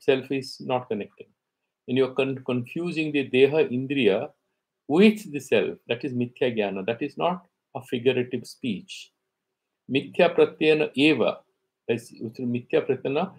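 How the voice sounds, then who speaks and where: Man, scripture teacher, middle pitch, Sanskrit recitation, explanation, rhetorical questions. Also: husky. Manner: reads Sanskrit commentary, then explains in English; rhetorical questions and acted-out examples. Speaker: Vedanta teacher. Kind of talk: scripture class lecture.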